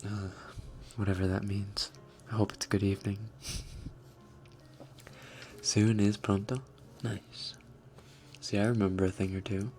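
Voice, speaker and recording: A young man hosting an ASMR livestream, reading chat in a soft, often whispered voice and chuckling as he tries out foreign words. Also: on the low side, level tone, slow, pauses often, soft background music. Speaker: livestream host.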